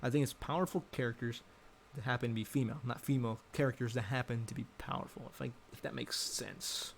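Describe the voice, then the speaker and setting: A man's voice: medium pitch, fairly even intonation, fast talker, vocal fry, slight background noise. A young adult man giving casual, rambling commentary, thinking aloud and correcting himself as he goes. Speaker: vlogger.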